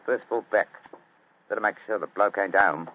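An actor voicing a detective disguised as a cheery, cocky male Cockney workman who talks loud and chummy. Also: on the low side, moderate pace, voice pushed down, lightly acted. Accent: put-on Cockney. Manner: loud, chummy, hums tunes. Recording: muffled old radio recording with hiss.

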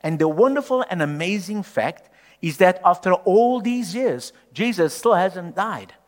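A male pastor preaching a sermon emphatically, swinging from loud declarations to hushed, low lines. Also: animated, a little slow. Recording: long hall reverb.

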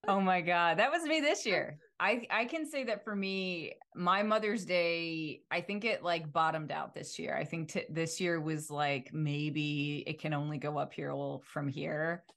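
A woman's voice: low-pitched, measured pace, few pauses, fairly bright tone. A woman co-hosting a podcast, talking in a rambling, reflective way with many fillers. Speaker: podcast co-host. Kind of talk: casual chat.

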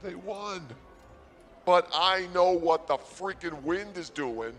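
A man's voice: high voice, slow, a bit bright. A man hosting a comedy podcast, rambling sarcastically and mock-boastfully about his day at a casino.

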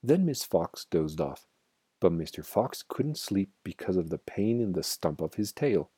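A man reading a children's story aloud with expressive, dramatic storytelling. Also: low voice, a little slow, breathy edge, no echo. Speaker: narrator.

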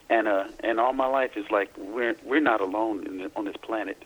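A man from Louisiana, a guest in a casual phone interview, telling his story in a halting way full of restarts and repeats. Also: fairly low pitch, poor audio.

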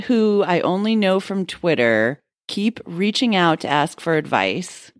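A woman's voice: lowish voice, very animated, measured pace, no echo, clean studio sound. A woman co-hosting a podcast, chatty and wry, laughing easily. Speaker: podcast co-host. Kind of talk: casual chat.

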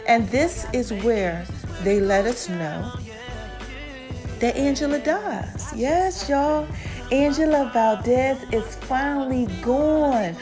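A woman podcast host giving an excitable, casual recap of a TV episode, talking straight to her listeners. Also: high voice, measured pace, soft background music. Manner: excitable storytelling, addresses listeners as y'all.

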